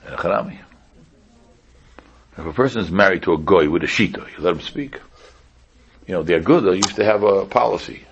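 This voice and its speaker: A man's voice: sits low, animated, a little fast, gravelly, long pauses, highs cut off, slight background noise. A man, a rabbi giving an informal Torah lecture in a conversational way, repeating pointed rhetorical questions. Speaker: rabbi teaching a class.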